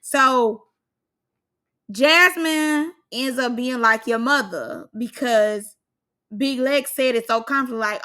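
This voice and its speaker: A young woman recaps a reality show in a loose, chatty vlog voice. She is opinionated and full of filler words, with a slightly high, crisp, bright tone. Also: slow. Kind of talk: casual reaction commentary.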